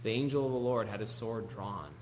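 A man preaching a conversational sermon in an animated, chatty way, full of asides to the congregation. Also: lowish voice, a little fast, a little hiss or hum.

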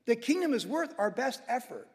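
High-voiced emphatic male preacher. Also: moderate pace, in a large hall. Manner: emphatic, animated, repeats for stress. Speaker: pastor. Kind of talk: sermon.

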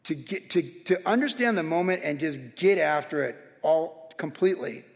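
A man's voice: fairly high pitch, animated, normal speed. A man preaching a sermon as pastor, fervent and emphatic, stacking up repeated phrases. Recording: long reverb of a big hall.

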